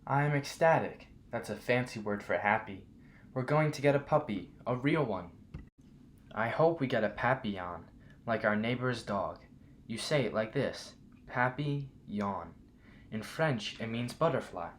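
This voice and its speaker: A man's voice: on the low side, expressive, normal speed, slight background noise. Man reading a children's picture book. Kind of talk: storybook read-aloud.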